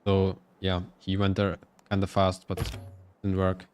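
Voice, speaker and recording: Guy casting a strategy game live, lower voice, clean and smooth, kinda thinking out loud as he goes. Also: monotone, a little slow. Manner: loose, thinking-aloud play-by-play. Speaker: esports caster.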